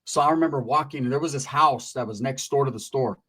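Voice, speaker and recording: A man's voice: mid-range voice, quick pace, sharp tone, slightly rough. A man, telling a story in a casual, slangy and profane way. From Merced area, California.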